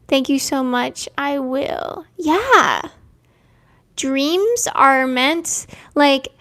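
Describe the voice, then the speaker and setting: Slow, high-voiced woman chatting on a live stream. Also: dry recording, studio quality. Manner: slow, gentle, spiritual and affirming. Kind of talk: casual live stream chat with viewers.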